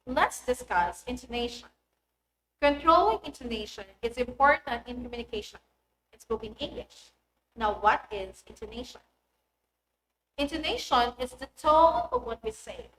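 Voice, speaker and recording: A woman, a teacher giving a recorded English lesson in a clear, deliberate voice that stresses key words. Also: high voice, a bit bright. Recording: echoey room with faint noise.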